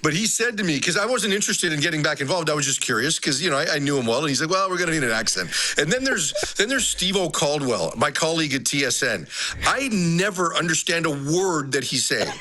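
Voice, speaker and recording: A man talking sports as a guest analyst, chatty and quick to add "right?" and "you know". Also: on the high side, lively intonation, sharp tone. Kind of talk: casual sports talk.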